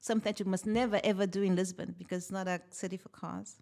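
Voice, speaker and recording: Lively woman telling a story. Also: mid-range voice, fast, vocal fry. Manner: animated, laughs often while telling stories. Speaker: podcast guest, tech founder. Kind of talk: casual interview storytelling.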